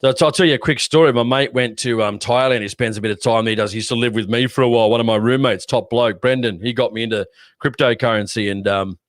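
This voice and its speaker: A man's voice: mid-range voice, steady tone, fast talker, dry recording. An Australian man hosting a podcast, rambling casually through stories and laughing often. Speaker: podcast host. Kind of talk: casual chat.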